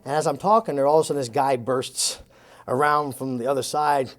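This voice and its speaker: A man telling a long anecdote in an interview. He acts out the quoted lines with lively changes of voice and chuckles as he goes. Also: medium pitch, brisk. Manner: chuckles while telling the story. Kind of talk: animated storytelling.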